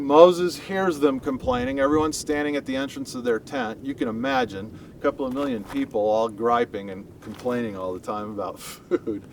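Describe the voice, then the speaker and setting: Animated man teaching a Bible story outdoors. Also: mid-range voice, creaky, far from the mic, a little hiss or hum, rough recording. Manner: animated, storytelling, addresses listeners directly. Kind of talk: conversational Bible storytelling lesson.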